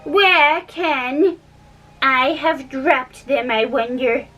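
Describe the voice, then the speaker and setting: A woman's voice: high voice, very slow, a bit bright, heavily acted. A woman voicing a fretful rabbit who mutters and stammers anxiously, recorded from a distance with faint music behind.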